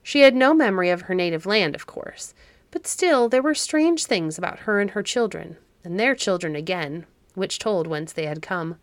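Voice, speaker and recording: A woman's voice: lowish voice, lively intonation, normal speed, dry recording. Woman reading a fairy tale. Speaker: audiobook narrator. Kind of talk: scripted storybook narration.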